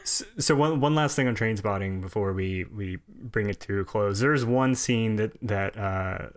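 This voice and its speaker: Rambling low-voiced American man. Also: moderate pace. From United States. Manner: rambling, many fillers and restarts. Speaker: podcast guest. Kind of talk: casual film chat.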